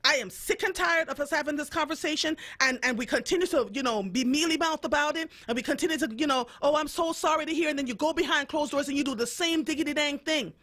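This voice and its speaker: Jamaican-born woman on the radio, high bright voice, fired up and emphatic, fed up. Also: fast talker, hardly any pauses. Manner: fiery, emphatic, repeats for emphasis. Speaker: radio host. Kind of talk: impassioned radio monologue.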